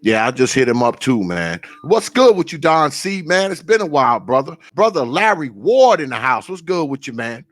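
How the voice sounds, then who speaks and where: A man's voice: a little high, sing-song, moderate pace, few pauses, fairly bright tone. A man hosting a casual livestream, greeting viewers by name with a profane, laughing, loose manner. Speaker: livestream host.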